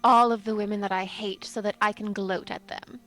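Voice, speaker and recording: A woman's voice: medium pitch, fairly even intonation, a little fast, fairly bright tone, soft background music, close to an everyday voice. Brief: vain, spiteful socialite, all sweetness, played by a woman at the table. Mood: gushing. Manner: gushing and theatrical. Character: vain, gloating society hostess.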